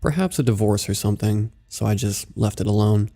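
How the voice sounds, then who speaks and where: A male horror narrator with a low, gravelly voice and a mellow, dark tone. He reads slowly and evenly, with faint music playing beneath the narration. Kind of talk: scripted horror story narration.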